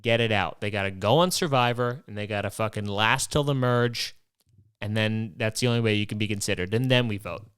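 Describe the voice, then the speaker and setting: A man's voice: fairly low pitch, a little fast, fairly bright tone, smooth, no room sound, studio quality. A young man hosting a podcast, ranting comically with lots of swearing and rhetorical questions. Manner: profane, rambling, rhetorical questions. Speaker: podcast host. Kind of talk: comedic rant monologue.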